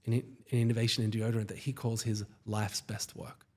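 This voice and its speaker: A man, a company founder, telling stories as a guest in a casual podcast interview, with enthusiasm and quick asides. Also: on the low side, flat delivery, darkish tone.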